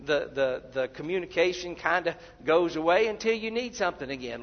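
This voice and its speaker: A man preaching a sermon, who acts out the voices of the people he quotes and repeats words when he gets excited. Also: a little high, a little fast, few pauses. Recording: dull sound in a big reverberant hall.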